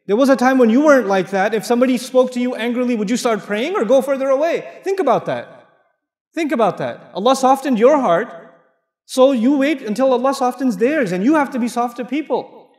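A man with a high voice delivers a quick, animated sermon, throwing rhetorical questions and reciting Arabic verses. His voice rings through a roomy hall with a long reverb tail. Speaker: Islamic lecturer.

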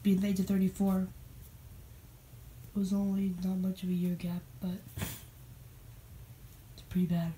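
A woman's voice: lowish voice, flat delivery, measured pace, long pauses, mellow, a little hiss or hum, natural voice. Woman voicing Cuphead rambling at a funeral. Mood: earnest. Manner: earnest and rambling, with self-corrections. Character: earnest male cartoon guest speaking at a funeral. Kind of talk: homemade puppet-show voice acting.

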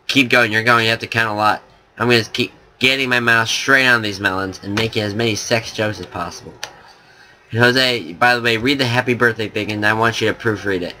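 Young man, gaming host, bright tone, excitable, rambling, joking. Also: lowish voice, fairly quick, slight background noise. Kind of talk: casual gameplay commentary.

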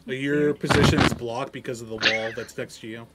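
A man running an online tabletop game as game master, giving brisk, organizing instructions to the players. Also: mid-range voice, fairly even intonation, heavy background noise.

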